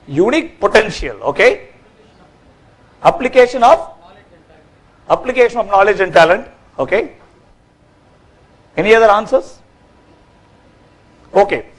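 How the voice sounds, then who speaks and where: A man gives a corporate training talk from a workshop stage, lively and quizzing his audience. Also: sits high, measured pace, pauses often, poor audio. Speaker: workshop speaker.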